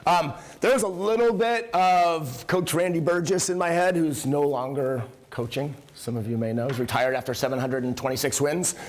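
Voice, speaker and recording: A man's voice: on the high side, normal speed, few pauses. A middle-aged man, a coach giving a conference talk, telling anecdotes and acting out the dialogue in them. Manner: animated storyteller who acts out dialogue. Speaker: coach and workshop speaker. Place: conference room.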